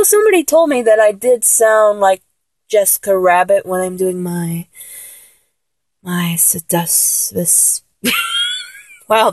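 A woman's voice: medium pitch, no room sound. A 24-year-old woman with a mature-sounding voice chats casually, rambling and joking as she answers a questionnaire. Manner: rambling, giggly, jokey. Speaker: solo vlogger answering a questionnaire. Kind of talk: casual chat.

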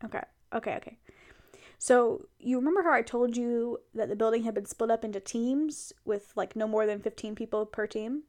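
A woman's voice: on the high side, normal speed, darkish tone. Chatty young woman venting to her partner. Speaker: audio role-play performer. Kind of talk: casual role-play monologue to a partner.

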